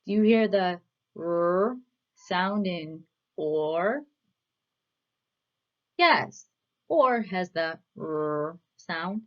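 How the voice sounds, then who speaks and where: A woman leads a children's reading lesson at a very slow, deliberate pace, pausing after each question. Her words are spaced out and clearly spoken. The recording sounds slightly dull and lo-fi. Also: fairly low pitch, lively intonation. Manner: patient, asks questions and pauses for answers. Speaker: reading teacher.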